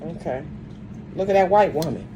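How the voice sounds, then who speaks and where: A woman's voice: on the low side, moderate pace, background noise. A woman giving a casual, emphatic monologue to her viewers, repeating herself as she lectures them. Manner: often opens phrases with "see" and "look".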